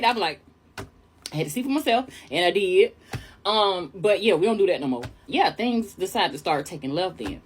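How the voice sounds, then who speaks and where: A young woman from New York telling a chatty storytime tale, animated and calling listeners honey. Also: mid-range voice, normal speed, slight background noise. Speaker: storyteller vlogger. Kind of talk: casual storytime monologue.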